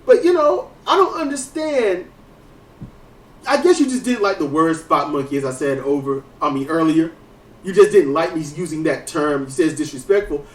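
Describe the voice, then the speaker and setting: A man hosting a casual wrestling podcast, telling stories in a lively way, with frequent swearing and restarted sentences. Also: a little high, moderate pace. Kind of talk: casual commentary chat. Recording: roomy, distant mic.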